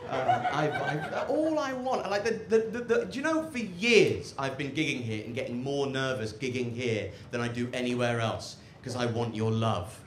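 Plummy English stand-up, sardonic, lively pitch; roomy live recording with loud crowd. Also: male voice, normal speed, hardly any pauses, noisy background. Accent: posh English. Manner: plummy, sardonic, swerving between mutters and outbursts. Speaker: stand-up comedian. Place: open-air rooftop club stage with live audience. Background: audience laughter.

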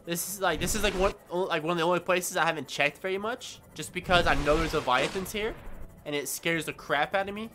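A man's voice: high voice, brisk, sharp tone, slight background noise. A man giving casual gameplay commentary, rambling with stammering restarts and yelping in panic when startled. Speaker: gaming YouTuber. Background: game music.

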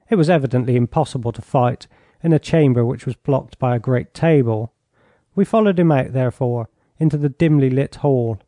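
Reading scripted narration for an audiobook, a medium-pitched man keeps his storytelling measured and even. He's recorded close on a studio mic with no room sound.

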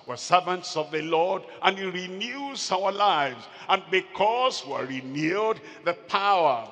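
A male pastor preaching a sermon, slow and emphatic, repeating phrases and calling out to the congregation. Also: high-pitched, lively intonation, a bit bright. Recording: long hall reverb.

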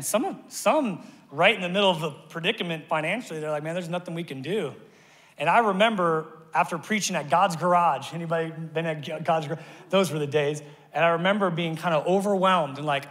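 A man preaching a sermon as pastor, telling stories animatedly, climbing to shouts and then dropping soft and quiet in prayer. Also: fairly high pitch. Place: church auditorium. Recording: long reverb of a large church hall.

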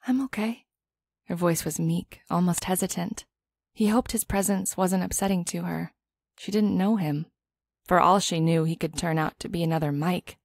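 A woman narrating a romance audiobook in a calm, even storytelling manner. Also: fairly low pitch, gravelly, no room sound. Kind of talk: scripted narration.

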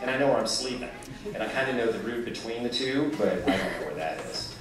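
A man's voice: medium pitch, lively intonation, fast. Wry man joking in an echoey hall. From United States. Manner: joking, wry, self-mocking. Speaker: touring speaker taking audience questions. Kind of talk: live audience Q&A. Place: large hall with a live audience. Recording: echoey hall, distant mic, loud crowd noise.

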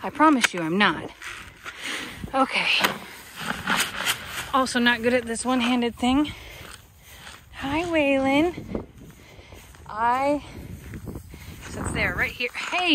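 With a fairly high pitch and lively intonation, this farm vlogger speaks unhurriedly, leaving long pauses against a noisy background. Outdoors on her farm, the Texan woman talks casually to the camera and teases her animals.

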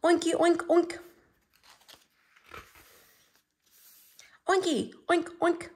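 A woman voicing an excitable, cheerful little female pig in a storybook read-aloud, with a bubbly, squealing delivery. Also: extremely high pitch, unhurried, voice pushed up. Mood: joyful.

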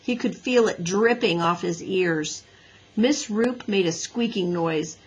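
A woman gently narrating a children's storybook in a breathy voice. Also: on the low side, takes it slowly, highs cut off. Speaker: audiobook reader.

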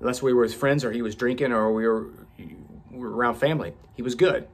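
A man's voice: medium pitch, fairly quick, slight background noise. A man speaking candidly and with profanity as a podcast host, telling a personal story with frequent restarts.

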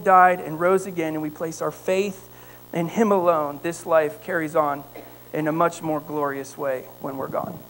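Lively pastor man preaching. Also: sits high, rough recording. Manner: animated storytelling, then quiet prayer. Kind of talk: sermon. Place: church sanctuary.

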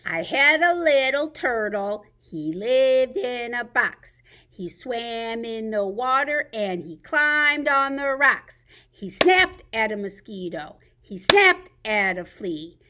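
Reading picture books and turtle rhymes aloud to babies, this woman works as a children's librarian and performs them with animated, sing-song delivery. Her voice is a little high and her pace slow.

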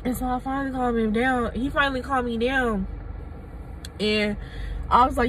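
A woman's voice: on the high side, steady tone, normal speed, pauses often, fairly bright tone, a little hiss or hum, rough recording. A young adult woman telling a personal story on her vlog, candid and emphatic, full of slang and swearing. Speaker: mommy YouTuber.

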